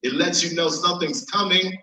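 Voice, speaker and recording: A man from Chicago doing animated stand-up comedy who laughs at his own jokes, recorded roomy and from a distance. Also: high-pitched, brisk. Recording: roomy, from far mic.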